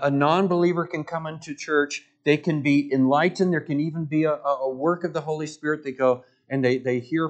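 A man preaching a sermon as pastor, earnest and emphatic, with repeated words and direct questions to the congregation. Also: fairly high pitch.

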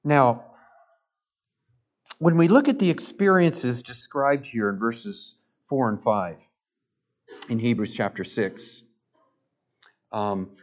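Earnest pastor preaching, slow and emphatic. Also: male voice, mid-range voice. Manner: earnest, rising to emphatic peaks with repeated words; asks the congregation direct questions. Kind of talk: sermon.

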